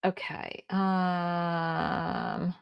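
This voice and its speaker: A woman's voice: lowish voice, flat delivery, very slow, vocal fry, smooth, muffled recording. Chatty woman hosting a live Q&A. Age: middle-aged. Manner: chatty, many fillers and restarts. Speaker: health channel host. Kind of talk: live-stream Q&A, reading viewer comments.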